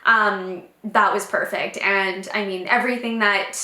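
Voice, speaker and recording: A young woman vlogger telling a personal story casually to her viewers, chatty and animated, acting out what people said. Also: mid-range voice, unhurried, reverberant. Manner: chatty, animated, many fillers and acted-out quotes.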